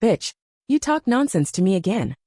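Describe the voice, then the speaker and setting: A woman's voice: medium pitch, big pitch swings, normal speed, warm tone, no echo, studio quality. A woman voicing a furious old man who roars harsh insults, in a storybook reading.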